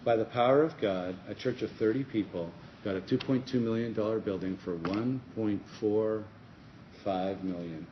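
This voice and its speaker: A middle-aged man tells a story to a conference session, slipping into the voices of the people in it. His voice sits a little low, and the recording is dull and lo-fi with a faint hiss. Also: normal speed. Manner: animated storyteller acting out dialogue. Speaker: pastor and conference speaker. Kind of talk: conference breakout talk, storytelling. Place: conference room.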